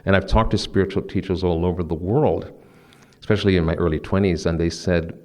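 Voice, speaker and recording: A man with a low, deep voice speaks to a live audience from a podium. He is from New Jersey and delivers a spiritual talk as a string of personal stories. His delivery is loose and conversational, and he often restarts his sentences. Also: fairly even intonation, brisk, a little mellow. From New Jersey, USA. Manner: conversational, storytelling, frequent restarts. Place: lecture room with podium.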